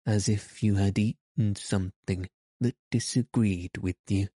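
Man voicing a kind calm doctor, gentle reassuring tone, deep voice, unhurried. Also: dry recording, studio quality. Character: calm, kindly family doctor, middle-aged man.

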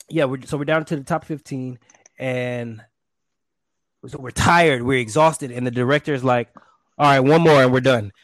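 A man, a stage performer, telling his story in a casual interview, animated and acting out voices. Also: mid-range voice, no room sound. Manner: animated, acts out quotes with shouts and pants.

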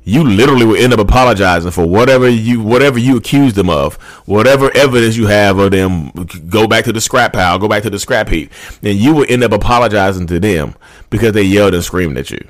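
A man's voice: on the low side, quick pace, no echo. A man hosting a casual vlog, talking informally to viewers and calling them y'all. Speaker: YouTube host.

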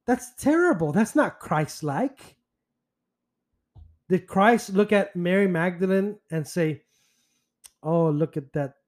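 High-voiced, slow-talking man podcasting. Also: a little mellow. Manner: earnest, indignant, unhurried. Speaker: podcast host. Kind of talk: solo podcast monologue.

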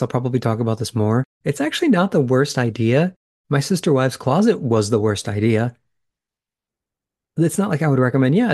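A man with a medium-pitched, slightly mellow voice hosts a podcast, recapping episodes chattily while thinking aloud and reacting in real time. The recording is dry with clean studio sound.

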